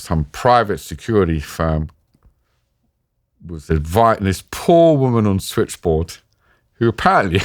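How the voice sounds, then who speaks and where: Animated man telling a story. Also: sits low, no echo, clean studio sound. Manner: animated, acts out quotes with swearing. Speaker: interview guest, former hostage. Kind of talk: casual storytelling.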